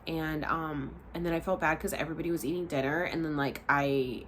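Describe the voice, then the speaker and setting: A woman's voice: low voice, steady tone, fairly quick, a little hiss or hum. A woman in her thirties casually telling a personal story, rambling with many fillers and sighs, sounding tired.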